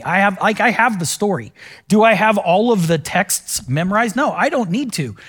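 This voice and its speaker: Male pastor, middle-aged, high voice, casual sermon delivery with animated stories and self-deprecating asides.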